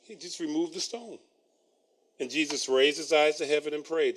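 A man's voice: fairly high pitch, normal speed, fairly bright tone. A man preaching a sermon, reading scripture and breaking in with wry asides and chuckles.

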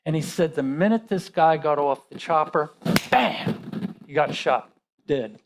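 A man's voice: on the high side, normal speed, background noise. A male pastor preaching a sermon in a conversational way, asking rhetorical questions.

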